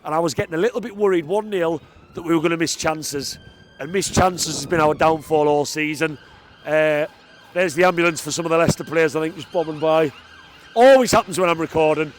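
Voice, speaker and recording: A little hiss or hum sits under this outdoor clip of a man vlogging his post-match reaction near a football stadium. Speaking brisk and fairly high into a handheld microphone, he's chatty, excited and emphatic.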